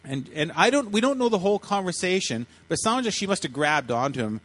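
A man preaching a sermon, retelling a story in lively, animated fashion and acting out the voices with frequent restarts. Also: high-pitched, fast, rough recording. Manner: animated, acts out voices in quotes, many restarts. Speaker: pastor.

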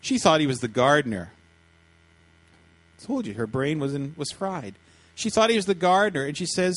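Lively preacher guy telling a story, voice bounces up and down, kinda high. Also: normal speed, pauses often, poor audio. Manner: animated, acts out voices in quotes, many restarts. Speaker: pastor. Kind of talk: storytelling sermon.

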